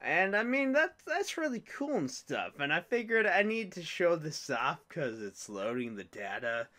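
A man's voice: a little high, sing-song, moderate pace, pushed and bright. A young man giving casual, rambling, self-mocking commentary while playing a video game. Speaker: let's play host.

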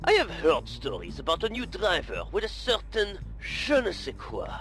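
A man's voice: fairly high pitch, huge pitch swings, moderate pace, noisy background. An actor playing a pompous, scheming male rival driver who talks in a theatrical fake French accent. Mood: smug. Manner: theatrical, showy villain talk.

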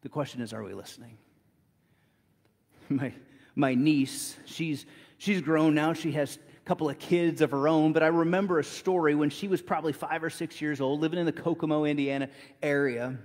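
Storytelling preacher in a reverberant church. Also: male voice, fairly high pitch, moderate pace, darkish tone. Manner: storytelling, conversational, repeats words when restarting. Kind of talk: sermon. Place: church sanctuary.

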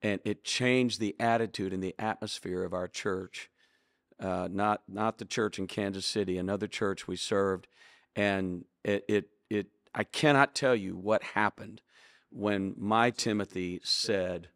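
Earnest older pastor, low dry voice. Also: male voice, fairly even intonation, unhurried, a bit bright, no echo. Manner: earnest, preacherly, acts out quoted dialogue. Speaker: pastor and author. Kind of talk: reflective storytelling interview.

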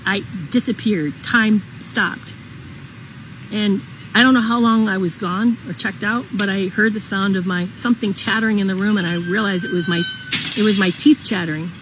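Middle-aged woman, personal storytime narrator, earnest and halting, plenty of restarts, mid-range voice. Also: mid-range voice, steady tone, background noise.

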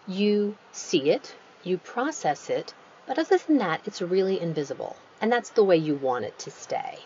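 A woman's voice: fairly low pitch, very animated, normal speed, warm tone, a little hiss or hum. Woman lecturing on writing craft, lo-fi. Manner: explains patiently and spells out punctuation aloud. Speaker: author teaching a writing workshop. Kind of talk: recorded lecture. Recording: dull lo-fi recording with faint ambience.

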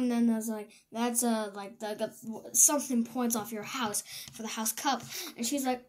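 A teenage girl with an American accent gives a casual movie review, rambling and excitable, often cutting herself off mid-thought. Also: fairly high pitch, moderate pace, echoey room, noisy background. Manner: rambling and excitable, self-interrupting.

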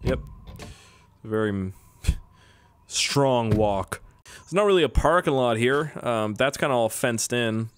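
A man's voice: mid-range voice, takes it slowly, long pauses, clean tone, dry recording. A young man from Canada giving joking, self-mocking commentary while playing a game. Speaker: gaming YouTuber. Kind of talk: let's play commentary.

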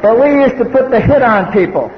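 A man's voice: very high voice, expressive, fairly quick. A man from the US East Coast giving a personal testimony talk at a recovery meeting, blunt and wry. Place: meeting hall. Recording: dull old cassette tape in a reverberant hall.

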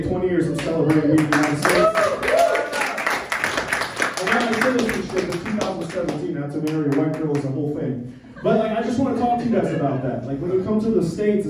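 A man's voice: fairly high pitch, heavy background noise. A man in his twenties from Colombia, doing a stand-up set with brash, profane banter with the crowd in a small black-box theater. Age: 20s. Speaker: stand-up comedian. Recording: echoey room from far off, loud audience.

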